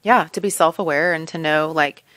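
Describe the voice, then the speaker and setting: A woman in her thirties co-hosts a podcast with a fairly low voice for a woman. She speaks emphatically and supportively in easy conversation. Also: normal speed, fairly bright tone. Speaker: podcast co-host. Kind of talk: casual chat.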